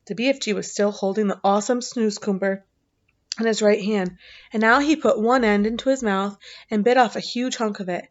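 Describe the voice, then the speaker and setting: A woman narrating a storybook aloud, reading steadily and dropping into soft, casual asides. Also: mid-range voice, steady tone, normal speed, lo-fi sound.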